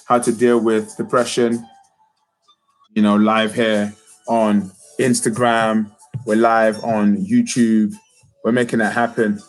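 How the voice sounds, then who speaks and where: Upbeat male motivational host, lowish voice, repetitive hype, faint music under. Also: poor audio. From United Kingdom. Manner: upbeat, repeats phrases, addresses viewers directly. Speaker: motivational speaker and youth coach. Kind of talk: live stream talk to viewers.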